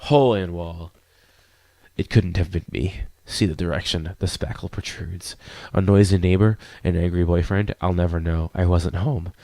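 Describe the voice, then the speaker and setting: An awkward young man new to a club, voiced by a man a bit below his usual pitch. He speaks in a low-key, hesitant way. The recording is dry and close. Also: steady tone, moderate pace, mellow, no room sound. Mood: solemn.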